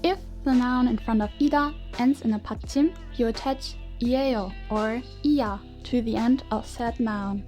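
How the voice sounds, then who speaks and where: Woman, grammar teacher, clear measured narration, mellow tone, slightly high voice, soft music behind. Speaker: Korean language teacher. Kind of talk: scripted lesson narration.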